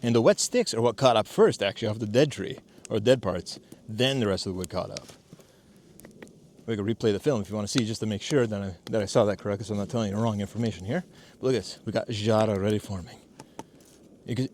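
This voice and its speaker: A man's voice: fairly low pitch, a little mellow, slight background noise. Laid-back, cursing outdoor DIY guy. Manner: chatty, profane, self-mocking, explains as he works. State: has a cold. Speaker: DIY homestead vlogger. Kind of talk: casual outdoor tutorial vlog. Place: outdoors at a fire pit in a valley.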